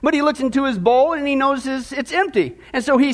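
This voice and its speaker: A pastor preaches to his congregation in a very high-pitched man's voice. He keeps it chatty and jokey, tossing asides to people in the room. Then he turns earnest about scripture. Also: a little fast, few pauses. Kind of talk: sermon. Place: church service before a congregation.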